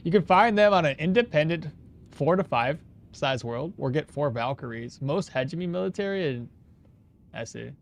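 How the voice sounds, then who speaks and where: A man's voice: on the high side, animated, normal speed, slight background noise. A man streaming a game live, chatting casually and self-deprecatingly, reading chat aloud as he plays. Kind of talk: casual live gameplay commentary.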